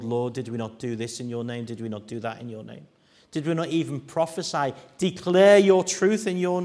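A man preaching a sermon, dropping to hushed tones and rising to loud, acted-out quotes. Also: medium pitch. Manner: dramatic shifts from hushed to loud, acting out quoted voices.

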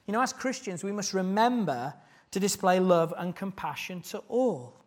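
A man's voice: high voice, animated, moderate pace, darkish tone. A man preaching a sermon, earnest and putting questions to the congregation.

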